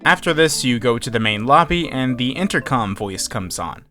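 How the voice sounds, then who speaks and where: A man's voice: medium pitch, lively intonation, moderate pace, music in the background. A man giving a candid, opinionated game review in casual commentary, often hedging his points.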